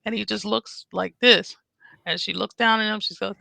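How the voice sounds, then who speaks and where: A woman in her fifties chatting frankly as a podcast co-host, telling stories with animated, acted-out dialogue. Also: mid-range voice, moderate pace, vocal fry, no room sound. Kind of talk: casual chat.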